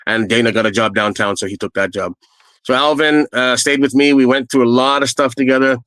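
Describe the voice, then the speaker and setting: A man's voice: medium pitch, fairly even intonation, brisk, a bit bright, no room sound, rough recording. A middle-aged man telling his own stories in a casual, earnest, rambling way, with plenty of fillers. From Canada. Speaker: storyteller guest. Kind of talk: casual first-person storytelling.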